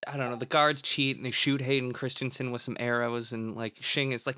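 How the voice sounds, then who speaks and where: A man's voice: mid-range voice, fairly even intonation, moderate pace, bright, forceful tone, clear, resonant tone, no echo, studio quality. A young man casually recapping a movie plot on a podcast, rambling, swearing and laughing as he goes. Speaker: podcast co-host.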